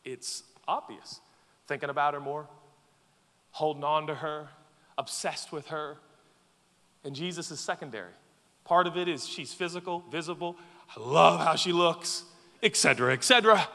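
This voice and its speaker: Male pastor, sermon, bright voice, slightly high, long hall reverb. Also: normal speed, vocal fry, long pauses. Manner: dramatic swings between loud pleading and quiet intensity.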